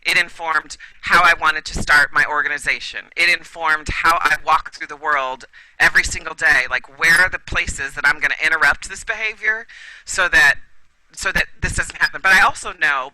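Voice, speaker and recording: A woman's voice: low voice, pushed and bright, rough recording. A woman talking as a guest expert in a casual podcast conversation, emphatic and often checking in with "right?". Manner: emphatic, repeats "right?" for agreement. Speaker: guest expert, school administrator.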